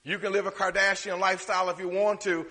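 A high, bright-toned man preaches a sermon in a hall with a long echo. He builds to loud, drawn-out declarations, then drops to quiet, quick asides. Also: flat delivery. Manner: dramatic, swinging from loud preaching to hushed asides. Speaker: pastor. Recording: reverberant hall.

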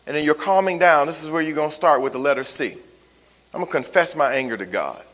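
Male pastor, slightly high voice, dynamic sermon delivery, long hall reverb. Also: fast. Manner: dynamic preacher, swings from loud emphasis to soft acted asides.

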